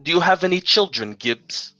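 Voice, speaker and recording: A man voicing a calm, polite male gunslinger in a tabletop game, speaking courteously with a wry edge. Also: fairly high pitch, moderate pace, dry recording, dull audio, faint music behind, voice pushed up. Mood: persuasive.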